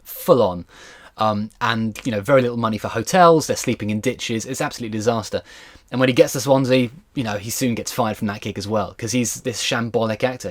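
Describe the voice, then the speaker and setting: A man, a historian, giving a casual storytelling lecture in a lively, chatty way with asides. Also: lowish voice.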